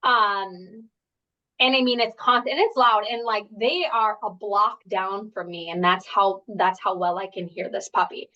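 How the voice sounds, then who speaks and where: A woman's voice: medium pitch, fairly even intonation, unhurried, bright, forceful tone, dull audio. A woman health coach leading a live group workshop from home, talking in a chatty, rambling way full of fillers and asides. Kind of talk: casual live workshop talk. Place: at home, indoors.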